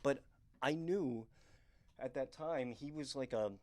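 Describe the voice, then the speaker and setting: Man, young adult, from the northeastern US, comedian storyteller, rambling, self-deprecating, mid pitch, dry close sound. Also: takes it slowly, darkish tone, dry recording. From Northeastern United States. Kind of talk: candid storytelling monologue.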